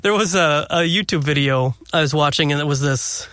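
A man's voice: a little high, a little fast, pushed and bright, no echo, studio quality. A man in casual conversation about faith, telling a story and laughing often.

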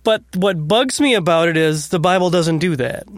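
A man's voice: sits high, lively intonation, normal speed, dry recording, studio quality. A man co-hosting a podcast, chatting casually and laughing often as he talks. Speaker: podcast co-host. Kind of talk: casual chat.

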